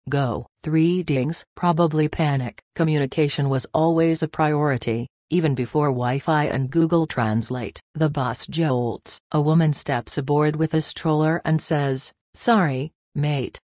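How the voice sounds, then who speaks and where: A woman's voice: deep voice, a little mellow, no echo, clean studio sound. Wry second-person storyteller, woman. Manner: wry, playful storytelling with asides. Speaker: narrator. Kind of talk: second-person scripted narration for English learners.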